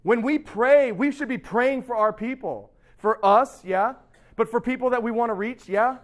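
A middle-aged male pastor giving a casual, chatty sermon that is peppered with "right?" and acted-out quotes. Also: extremely high pitch. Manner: chatty and animated, keeps asking "right?".

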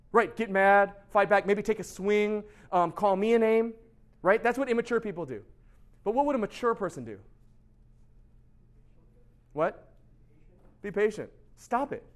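Man, pastor, chatty youth sermon, somewhat high voice, lively rhetorical questions. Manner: chatty, animated, constant rhetorical "right?"; laughs at himself, shouts for emphasis.

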